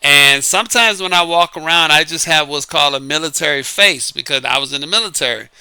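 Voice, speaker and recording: A man's voice: on the high side, brisk, sharp tone, smooth, no echo. A man from New Orleans with a light Southern accent, talking through dating advice in a casual, emphatic monologue, repeating his points and chuckling between them. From New Orleans, Louisiana.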